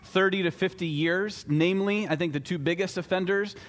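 A man's voice: high-pitched, fairly quick. A man giving a sermon as a pastor, talking conversationally with light humor.

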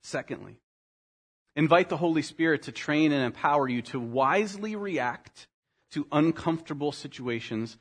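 A man preaching a sermon as pastor, animated, climbing to emphatic highs and sinking to quiet, earnest lines, with quick acted asides for people in the story. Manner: animated, rising to emphatic peaks and dropping to quiet.

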